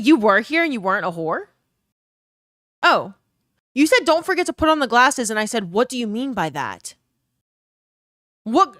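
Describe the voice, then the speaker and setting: A woman's voice: fairly high pitch, a bit bright, no room sound. Chatty young woman streamer, dry sound. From New Orleans, US South. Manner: chatty, reads chat aloud, swears casually. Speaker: live streamer. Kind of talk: casual chat with live viewers.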